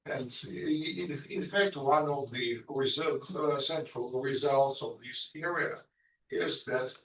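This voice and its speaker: A man in a lecture audience asking a long technical question, slow and halting with many fillers. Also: mid-range voice, a bit bright, slight background noise. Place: lecture hall. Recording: echoey hall, voice from far off.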